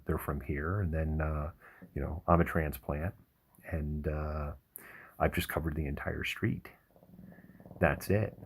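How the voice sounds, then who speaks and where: A man hosting a livestream, telling rambling stories in a relaxed chat with frequent chuckles. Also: a bass voice, creaky, breathy edge. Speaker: livestream host. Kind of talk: casual chat.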